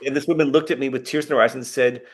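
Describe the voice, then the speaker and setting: A man's voice: medium pitch, fairly even intonation, rapid-fire. A man talking as a podcast guest author, telling heartfelt stories with many restarts. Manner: emotional storyteller, many restarts. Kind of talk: podcast conversation.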